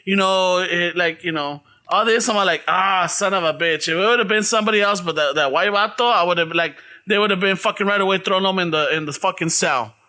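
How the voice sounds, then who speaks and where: A man with a Mexican-American accent chatting on a podcast, animated, swearing and slipping into Spanish. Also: high-pitched, quick pace, hardly any pauses. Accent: Mexican-American English. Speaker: podcast guest. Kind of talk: casual chat.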